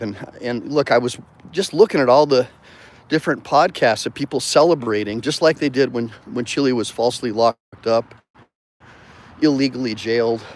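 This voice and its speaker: A man hosting a livestream as an attorney, talking outdoors while walking, conversational and digressive, stopping to thank viewers for donations. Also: medium pitch. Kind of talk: rambling livestream talk.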